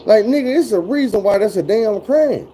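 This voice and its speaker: A man's voice: high-pitched, expressive, moderate pace, mellow, slight background noise, low-quality recording. A man in his forties telling stories in casual chat, blunt and full of cursing. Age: 40s. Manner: profane, blunt, drawling storyteller.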